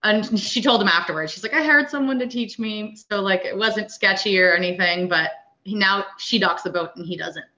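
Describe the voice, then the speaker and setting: Bright-voiced woman telling a story. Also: mid-range voice, normal speed, highs cut off. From Canada. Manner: animated, acts out quoted dialogue. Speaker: guest, wakeboard coach. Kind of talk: casual storytelling interview.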